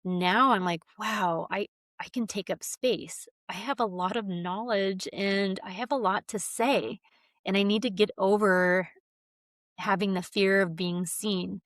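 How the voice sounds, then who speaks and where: A woman's voice: medium pitch, unhurried, a bit bright, no room sound, studio quality. A woman podcast guest talking openly and earnestly about healing, often laughing and acting out her own inner voice. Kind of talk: reflective conversational interview.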